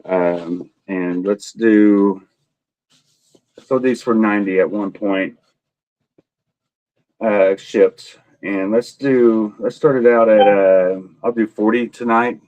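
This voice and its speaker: A man with a fairly low voice hosts a relaxed live auction, teasing himself and the bidders and laughing between items. His voice is recorded close and dry, with no room echo. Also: slow. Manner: joking, laughs often, self-teasing; talks buyers through bids by name. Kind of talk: casual livestream auction chat.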